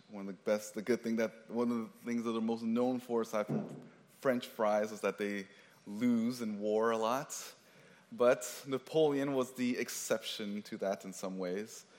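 A man's voice: fairly low pitch, a little mellow. A male pastor delivering a sermon in a conversational way, often restarting phrases and adding casual asides. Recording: long reverb of a large hall.

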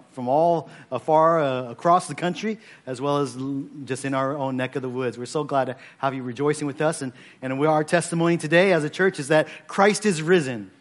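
A man preaching on an Easter morning as pastor, chatty with many asides and leading his church in call-and-response. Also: a little high. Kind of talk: Easter sermon.

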